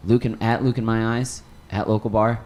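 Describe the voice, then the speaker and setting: A man's voice: on the low side, normal speed. A man hosting a casual podcast conversation, talking in a loose, affirming way with lots of "like". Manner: animated, filler-heavy, affirming. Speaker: podcast host.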